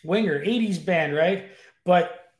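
A man's voice: high-pitched, slow pace. Enthusiastic man in an echoey room. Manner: enthusiastic, rambling with fillers. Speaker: podcast guest. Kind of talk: casual chat. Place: room at home with guitars.

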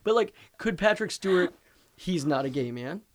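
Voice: medium pitch, lively intonation, normal speed. A podcast co-host talking casually about movies, blunt and opinionated, swearing freely.

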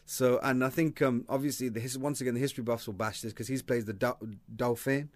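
A man co-hosting a film chat, animated and joking, with a voice that jumps up when he gets excited. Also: no echo. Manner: animated and joking, quick pitch jumps, laughs often. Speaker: podcast co-host reviewing films. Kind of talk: casual chat.

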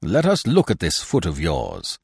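A man's voice: low-pitched, huge pitch swings, unhurried, gravelly, darkish tone, breathy edge, dry recording, studio quality, full character voice. A man voicing a fat, pompous, sour old theatre-troupe manager who blusters and scoffs. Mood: gruff. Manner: blustering, scornful.

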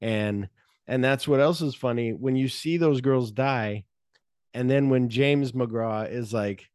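A man's voice: medium pitch, measured pace, clean tone, no room sound, clean studio sound. A man hosting a casual movie podcast, retelling scenes with swearing and acting out the characters' lines. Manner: animated storytelling, swears freely, acts out characters' lines. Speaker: podcast host.

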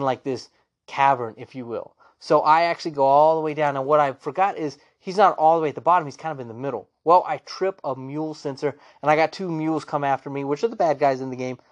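A man with a fairly high voice hosts a casual gaming show. He tells his playthrough stories with lively enthusiasm, and his voice jumps up when he gets excited. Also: muffled recording. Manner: animated, enthusiastic storytelling. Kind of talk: casual solo gaming talk.

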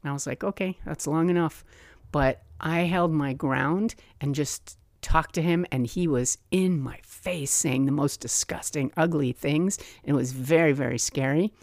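A woman's voice: deep voice, a little slow, few pauses, no echo. Woman telling a personal story, dry close sound. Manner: animated, acts out remembered voices. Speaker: podcast host.

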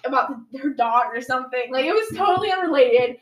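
A woman's voice: high-pitched, fast talker, echoey room, poor audio. A teenage girl telling a dramatic story from her own life in casual chat, full of "like"s and acted-out quotes. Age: teens. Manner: animated, dramatic retelling with many "like"s.

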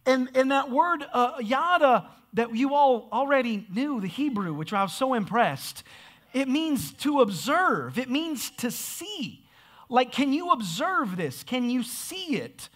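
A man preaching a sermon with energy, often repeating words as he restarts and building up to shouts. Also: very high voice, big pitch swings, measured pace. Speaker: pastor.

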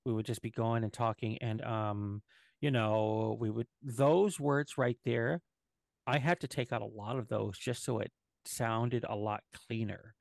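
A man co-hosting a podcast live, talking casually with many halting restarts and fillers. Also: medium pitch, fairly even intonation, creaky, no echo, clean studio sound. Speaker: podcast co-host and editor. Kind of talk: casual live-stream chat.

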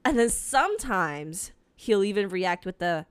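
Slow-talking young woman, candid and profane. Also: mid-range voice, very animated, clean tone, dry recording. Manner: candid, profane, laughs often. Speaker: podcast host. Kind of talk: casual confessional monologue.

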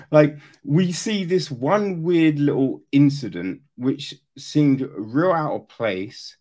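A man giving a casual, animated critique of a film, swearing now and then and acting out quoted lines. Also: fairly high pitch, slow pace. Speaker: reviewer.

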